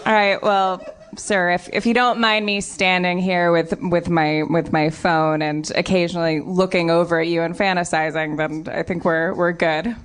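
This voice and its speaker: A woman's voice: lowish voice, steady tone, moderate pace, natural voice. A woman voicing a flirty woman who poses as a lost mother, talking in a giggly, flustered way.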